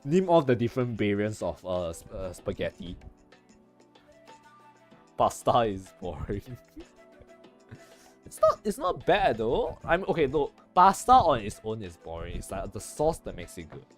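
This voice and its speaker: A man's voice: lowish voice, wildly swooping pitch, unhurried, soft background music. A young man chatting casually over gameplay, joking and correcting himself with many restarts. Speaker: gaming streamer.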